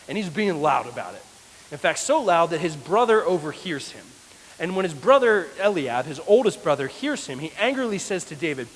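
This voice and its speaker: A man preaching a sermon as pastor, telling the story in an animated way. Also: fairly high pitch, fairly quick. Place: church hall. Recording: echoey church hall, faint hiss.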